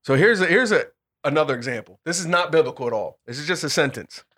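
A man's voice: fairly high pitch, expressive, fast talker, a bit bright, dry recording, clean studio sound. A man leading a casual group Bible discussion, explaining word by word, often repeating and restarting phrases and breaking into laughter. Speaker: Bible study leader.

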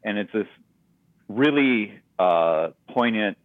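A man with a very deep voice walks through a film's plot in a relaxed, chatty podcast manner. His audio is narrow and phone-like. The sound is dry and close. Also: slow pace, dry recording. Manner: relaxed, storytelling, recapping plot. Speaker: podcast co-host. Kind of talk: casual movie recap chat.

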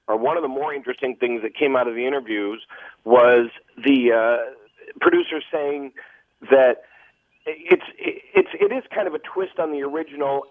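Hoarse man rambling on a tinny phone line. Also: a little high, no echo. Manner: rambling, hesitant. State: losing his voice. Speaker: TV critic guest. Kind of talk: phone interview.

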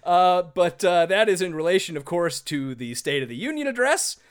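A man hosting a podcast in casual chat, animated, laughing often and rambling. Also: sits high, normal speed, clear, resonant tone. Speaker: podcast host.

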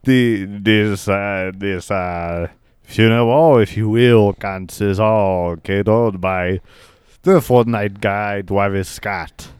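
A man voicing a smug French caterer in improvised podcast comedy, with a put-on French accent and theatrical, drawn-out exclamations. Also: fairly low pitch, steady tone, darkish tone, clear, resonant tone, dry recording, clean studio sound. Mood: pompous. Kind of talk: improvised comedy role-play.

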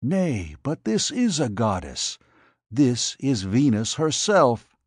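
A man's voice: medium pitch, big pitch swings, slow, husky, dry recording, studio quality, full character voice. A man voicing a bold, proud young gladiator in a storybook reading.

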